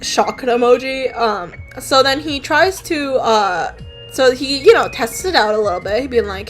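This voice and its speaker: Woman, higher-pitched, rambling chatter, swears casually, fillers, recapping a comic while drawing. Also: lively intonation, moderate pace, soft background music. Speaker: comic artist.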